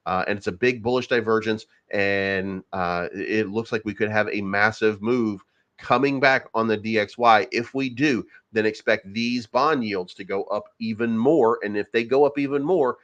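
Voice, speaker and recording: A man's voice: lowish voice, a bit bright, dull audio. A man hosting a casual crypto livestream, rambling and profane, with many fillers and restarts. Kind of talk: casual livestream market commentary.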